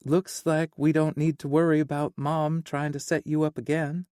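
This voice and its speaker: A breathless young woman, a worried and eager sister, speaking in a raised, lighter voice, as a male audiobook narrator puts her on. Her words come out hasty and anxious, in a warm, mellow tone. The recording is close and dry. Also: fairly high pitch, little pitch movement, normal speed, clean tone, no room sound, voice pushed up, close to an everyday voice. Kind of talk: audiobook character voice.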